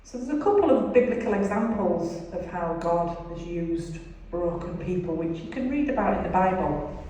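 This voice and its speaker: A woman's voice: lowish voice, expressive, moderate pace, dark tone. A woman giving an earnest, confessional testimony sermon at a recovery ministry, telling a story. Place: large hall. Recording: echoey hall, distant mic.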